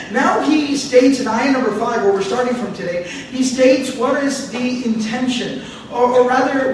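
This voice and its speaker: High-voiced man teaching in an echoey hall. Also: recorded from a distance, slight background noise. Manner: recites verses quickly, then explains in English. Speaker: Quran teacher. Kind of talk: explanatory lecture.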